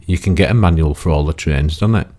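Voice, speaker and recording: A man's voice: rumbling low, fast talker, warm tone. An older man giving rambling, chatty commentary on his own gameplay, full of tag questions and self-mocking asides. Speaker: gaming YouTuber.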